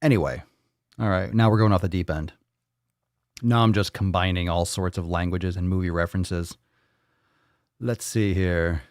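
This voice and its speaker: A man's voice: low voice, fairly even intonation, normal speed, long pauses, no room sound, studio quality. Playful, profane male livestream host. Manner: playful, loose and profane, repeating phrases in a sing-song way. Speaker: fitness show host. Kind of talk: casual livestream chat.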